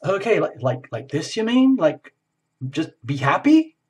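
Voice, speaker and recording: A man puts on a puzzled seeker who keeps asking how happiness works. The voice rises high and breaks into stammers when the answers make no sense. The tone is slightly husky. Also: sing-song, a little slow, a little mellow, full character voice. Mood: bewildered. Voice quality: eager, questioning, with stammering bewilderment.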